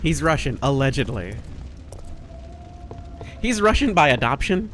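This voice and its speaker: Male streamer, casual game commentary: jokey, profane, lively voice swinging up and down. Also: on the high side, a little slow, slight background noise. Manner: jokey, laughs a lot, swears, voice jumps around.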